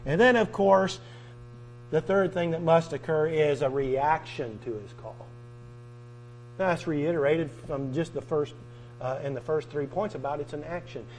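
Male preacher, high-pitched, insistent, repetitive sermon delivery; mains hum on the recording. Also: a little slow, poor audio. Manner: emphatic, repeating and drawing out key words, swinging from loud to soft.

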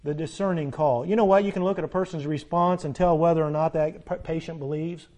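A male pastor preaching a sermon to his congregation, with emphatic peaks and quiet pleading stretches, full of rhetorical questions and repeated phrases. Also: on the high side, steady tone, fairly quick.

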